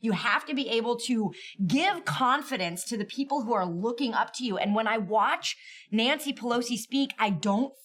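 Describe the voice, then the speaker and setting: A woman co-hosting a political commentary show, speaking in a measured, reflective way with some hesitations. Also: a little high, a bit bright. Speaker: co-host.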